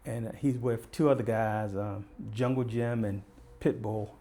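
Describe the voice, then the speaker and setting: A man's voice: on the low side, steady tone, a little slow, dark tone. An older man from Baltimore, a retired police detective telling stories as a guest and acting out the lines of the people in them. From Baltimore, USA. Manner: vivid storyteller who acts out quoted dialogue. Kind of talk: conversational storytelling.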